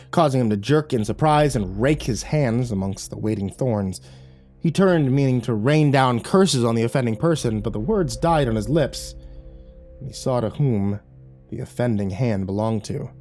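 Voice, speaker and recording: A man narrating a horror story in a measured, dramatic storytelling manner. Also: medium pitch, warm tone. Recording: faint music behind.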